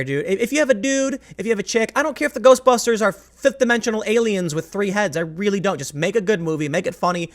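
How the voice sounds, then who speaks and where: A man delivering a rambling, opinionated commentary monologue as host, often stopping and restarting his sentences. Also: high voice. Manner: rambling, self-interrupting, emphatic.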